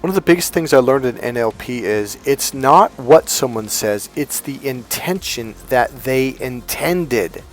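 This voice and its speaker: A man's voice: mid-range voice, lively intonation, a little slow, hardly any pauses, soft background music. A man giving a casual motivational talk as a relationship coach, retelling conversations in a chatty, conversational way. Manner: conversational, retells exchanges in quoted dialogue.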